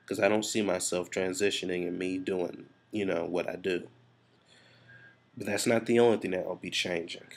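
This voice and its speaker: A man with a low, deep voice speaks straight to his camera in a confessional vlog. He sounds stressed and frustrated. He rambles and swears freely as he thinks aloud. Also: creaky. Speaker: vlogger.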